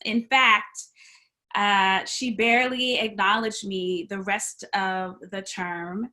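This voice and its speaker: A woman's voice: medium pitch, steady tone, slow, pushed and bright. A woman preaching a sermon as a personal story, dramatically acting out the people in it and dropping to whispers. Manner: dramatic storytelling, acts out voices, drops to whispers. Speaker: guest preacher. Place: church sanctuary.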